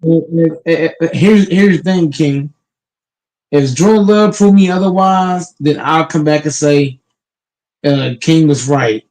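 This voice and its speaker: A man's voice: a little high, measured pace, darkish tone, poor audio. A man hosting a casual online sports panel, talking emphatically and profanely, often repeating words as he restarts.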